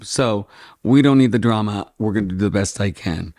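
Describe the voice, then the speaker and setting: A man's voice: lowish voice, a little fast, a little mellow. A middle-aged man hosting his own tarot channel, chatting casually and with self-mocking, playful melodrama. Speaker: tarot vlogger, channel host. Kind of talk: casual vlog chat.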